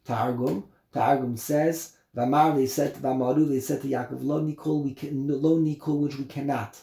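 A man teaching a Torah class, explaining verses and commentary in an animated way that acts out the voices of the people in the text. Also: medium pitch, moderate pace, creaky, echoey room. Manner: animated, acts out voices, switches between Hebrew and English.

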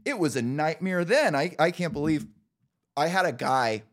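A man in his thirties, a podcast host telling stories in casual chat, animated, laughing often and swearing casually. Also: a little high, normal speed.

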